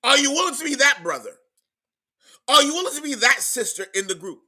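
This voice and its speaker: A man preaching a sermon in an emphatic, repetitive style, moving between quiet stretches and loud outbursts. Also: extremely high pitch, lively intonation, fairly quick. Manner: emphatic preaching, repeats words, swings from soft to loud.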